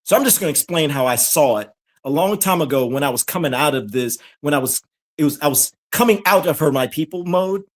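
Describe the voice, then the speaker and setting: Lively, emphatic scripture podcast host. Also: medium pitch, fairly quick. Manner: emphatic, repeats words, fires rhetorical questions; swings between hushed asides and sudden shouting. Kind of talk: fiery preaching commentary.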